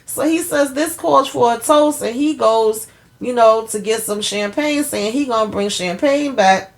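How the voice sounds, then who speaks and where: A woman casually recapping a TV episode for her viewers, animated and chatty, acting out characters' lines. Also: unhurried. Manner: animated storytelling, acts out characters' lines with pitch jumps; chatty, addresses viewers as y'all. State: tired. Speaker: TV recap host.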